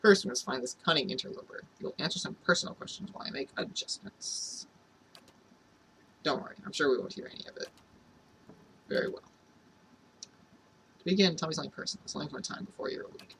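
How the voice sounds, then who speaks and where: His voice is fairly high, quick, creaky, pushed and bright, broken by long pauses. He's a man playing a role-playing game for a let's play, personally reading out each character's dialogue, recorded from afar in a noisy room.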